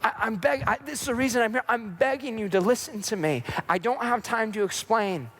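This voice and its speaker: A man's voice: high voice, fairly quick, a bit bright, voice pushed up. A man voicing a compassionate savior figure who pleads earnestly. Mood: pleading.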